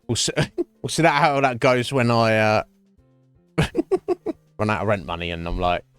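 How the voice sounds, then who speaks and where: A man's voice: on the low side, animated, moderate pace, a bit bright, clear, resonant tone, dry recording, faint music behind. A man chatting casually on a gaming stream at home, rambling and swearing freely. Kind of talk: casual chat while gaming.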